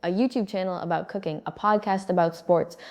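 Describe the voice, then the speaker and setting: Smooth, mellow-voiced woman teaching English. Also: on the low side, brisk. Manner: calm, steady, clearly enunciated teaching. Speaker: English speaking coach. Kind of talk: scripted instructional narration.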